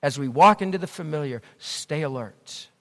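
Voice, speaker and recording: Male pastor, high voice, earnest preaching that swells and drops, heard in a big reverberant church. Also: lively intonation, normal speed, creaky, fairly bright tone. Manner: earnest, rising and falling preaching delivery. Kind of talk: sermon. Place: church sanctuary. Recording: long reverb of a church hall.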